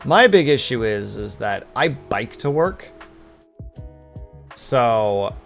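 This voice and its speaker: A man chats on his live stream in a lively, up-and-down voice with a gravelly edge. He rambles and talks straight to his viewers, with faint music playing behind him. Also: medium pitch, takes it slowly. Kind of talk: casual live-stream chat.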